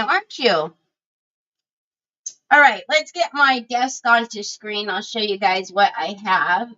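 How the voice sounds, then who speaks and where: A middle-aged woman from Northern California hosting a craft livestream from her home desk, chatting slowly with viewers and greeting them by name, her voice squeaky and hoarse from a cold and interrupted by frequent throat clearing. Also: pushed and bright, highs cut off.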